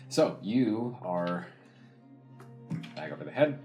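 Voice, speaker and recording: A man narrating a tabletop game as game master, in halting phrases with pauses. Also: low-pitched, steady tone. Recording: echoey room with clear background music.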